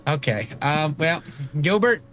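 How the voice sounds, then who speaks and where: A man's voice: a little high, very animated, a little slow, a bit bright. A man playing in a tabletop game, talking hesitantly and laughing. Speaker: player.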